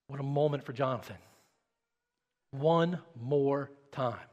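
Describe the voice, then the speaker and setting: A male pastor preaching a sermon with dramatic swings between hushed, quiet passages and loud, emphatic ones. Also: mid-range voice, slow pace, long reverb tail, muffled recording. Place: church.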